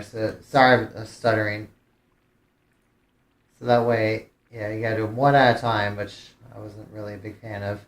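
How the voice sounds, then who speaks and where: A man's voice: lowish voice, little pitch movement, moderate pace, reverberant. A man streamer giving casual gameplay commentary, thinking aloud with hesitant restarts. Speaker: game streamer.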